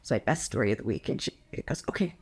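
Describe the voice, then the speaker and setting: A middle-aged woman with a Californian accent, co-hosting a casual podcast chat and telling animated stories about her kids, acting out the quotes in them. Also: fast talker. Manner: animated storyteller, acts out quotes in a high voice and laughs often. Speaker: podcast co-host.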